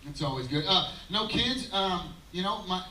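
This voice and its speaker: A man, doing a rambling, self-mocking stand-up set with halting fillers at an outdoor daytime show. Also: high-pitched, animated, pushed and bright, slight background noise. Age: 30s. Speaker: stand-up comedian. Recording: roomy live sound from a distance.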